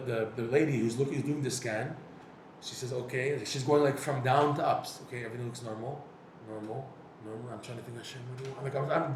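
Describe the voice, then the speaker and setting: A man teaching a Torah class, telling a personal story and acting out his own prayers and dialogues in an animated way. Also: mid-range voice. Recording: echoey room with faint noise.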